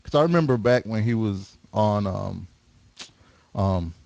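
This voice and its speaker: An American man co-hosting a casual podcast, his voice mid-pitched with a very lively, swinging intonation. He is animated and laughs easily. The recording is dry and close. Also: a little slow, vocal fry, no room sound, dull audio. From United States. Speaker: podcast co-host.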